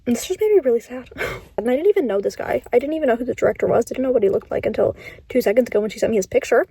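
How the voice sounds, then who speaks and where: A young woman vlogging about books she is reading, chatty and animated, often slipping into a whisper. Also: a little high, rapid-fire, husky. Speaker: book vlogger. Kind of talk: casual reading vlog. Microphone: camera facing the speaker.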